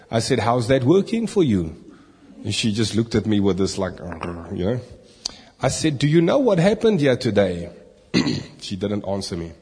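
A man preaching, telling a story animatedly and re-enacting the dialogue, with slow, emphatic stresses. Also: mid-range voice, a little mellow, slightly rough. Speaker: pastor. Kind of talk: sermon storytelling. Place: church. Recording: long reverb of a hall.

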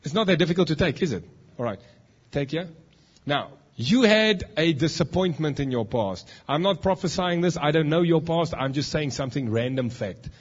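Joking preacher, husky voice. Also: male voice, on the high side, animated, moderate pace, muffled recording. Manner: joking, teasing the congregation. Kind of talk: lively sermon with audience demonstration. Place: church hall.

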